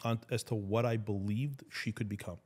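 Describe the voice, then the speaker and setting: A man's voice: on the low side, fairly even intonation, normal speed, darkish tone, slightly rough. A man on a podcast as a guest, telling a business story in casual conversation and acting out the dialogue he quotes. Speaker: guest, business partner and husband.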